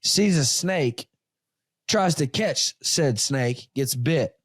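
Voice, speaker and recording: A man in his thirties hosting a casual podcast from home, telling a story with lively energy and acting out the dialogue as he goes. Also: a little high, slow, husky, no room sound, studio quality. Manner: animated storyteller who acts out dialogue. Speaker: podcast host. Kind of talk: casual chat. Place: home studio.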